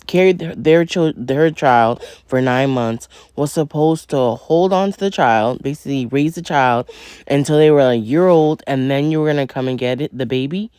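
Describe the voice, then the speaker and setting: Woman, reaction video host, indignant, emphatic, mellow voice, dry close sound. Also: low voice, normal speed, smooth, dry recording. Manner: indignant, emphatic, talks straight to viewers. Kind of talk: casual reaction commentary.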